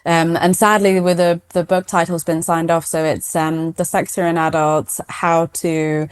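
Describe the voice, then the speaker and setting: A British woman, a guest founder, chatting in a relaxed interview over a remote call, a self-described talker. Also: on the low side, a little slow, smooth. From United Kingdom. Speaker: guest, founder of an adult dyslexia organisation. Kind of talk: casual interview chat.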